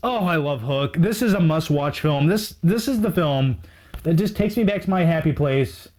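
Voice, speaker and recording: A man's voice: a little high, expressive, normal speed, darkish tone. A man showing his movie collection in a casual, unscripted video, rambling with enthusiasm and poking fun at himself. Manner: rambling, enthusiastic, self-mocking.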